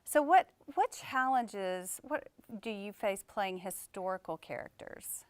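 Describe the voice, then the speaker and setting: A woman with a Texan accent hosting an interview, upbeat and gushing. Her voice is smooth and clear. The recording is dry and close, with no room echo. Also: medium pitch, animated, unhurried. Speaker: host. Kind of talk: casual interview chat.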